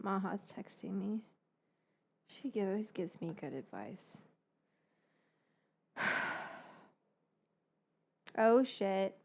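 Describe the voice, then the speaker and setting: A woman's voice: mid-range voice, lively intonation, extremely slow, gravelly, long pauses, a little mellow, husky. A woman, likely in her thirties, hosting a cooking livestream in a rambling, casual way and swearing freely. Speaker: livestream host baking from her cookbook.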